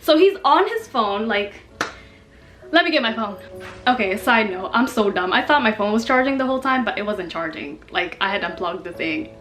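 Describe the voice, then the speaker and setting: A young woman from Kenya telling a story in a casual, animated, slangy and self-mocking way. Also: medium pitch, normal speed. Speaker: vlogger. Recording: echoey room with faint music.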